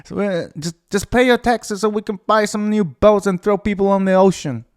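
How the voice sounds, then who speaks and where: A man's voice: high-pitched, normal speed, clear, resonant tone, voice pushed up, natural voice. A man voicing a swaggering gangster shaking people down for taxes, in an attempted Brooklyn accent. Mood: menacing, jokey. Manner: swaggering, pushy.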